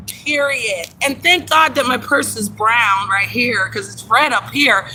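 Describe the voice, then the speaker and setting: A woman hosting a casual livestream from her phone, chatting in an animated way and greeting viewers by name. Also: high voice, unhurried, slight background noise, rough recording. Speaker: livestream host.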